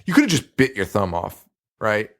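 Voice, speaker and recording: A man's voice: lowish voice, huge pitch swings, normal speed, creaky, a bit bright. A man co-hosting a podcast, recapping a horror movie in a casual, profane, laughing style of banter. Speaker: podcast co-host.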